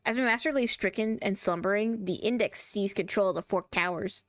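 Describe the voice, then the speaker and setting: A woman's voice: medium pitch, fairly quick, no room sound, close to an everyday voice. An earnest ancient guardian recounts a dire warning with grave, dramatic delivery, as a woman streamer reads her lines aloud. The voice is close and dry, with faint game music behind it. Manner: dramatic game-dialogue reading. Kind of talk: reading game dialogue aloud.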